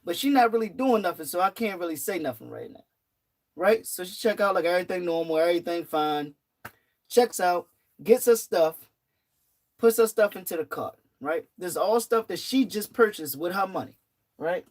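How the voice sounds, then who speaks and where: A young adult vlogger casually telling a story from work, animated and repeating phrases for emphasis. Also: mid-range voice, moderate pace. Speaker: vlogger and retail worker.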